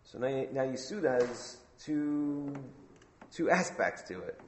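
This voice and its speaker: Male Talmud teacher, mid-pitched, lively and questioning, repeats key points. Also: a little slow, slight background noise. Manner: lively, prompts students with questions; repeats phrases for emphasis.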